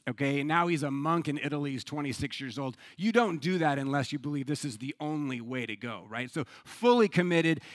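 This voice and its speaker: A male pastor from the United States preaching a sermon, telling a story in an animated, conversational way with rhetorical questions. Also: fairly high pitch, no room sound.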